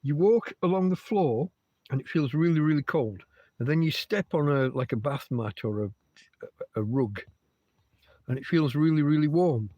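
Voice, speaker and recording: A man's voice: fairly high pitch, moderate pace, dark tone, no echo, lo-fi sound. A man hosting a casual livestream from his bed at home, rambling and swearing freely as he chats. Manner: heavy swearing, rambling asides. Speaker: livestream host.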